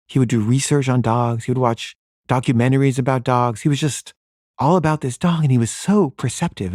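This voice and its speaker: Man, storyteller, conversational, fillers, medium pitch, dry close recording. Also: a little mellow, no echo. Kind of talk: personal story told to an audience.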